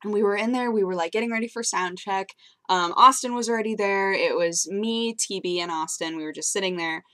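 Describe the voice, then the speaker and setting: A woman's voice: mid-range voice, brisk, bright, forceful tone. A young woman vlogging casually into her webcam, telling rambling stories with frequent giggles. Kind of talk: casual chatty vlog.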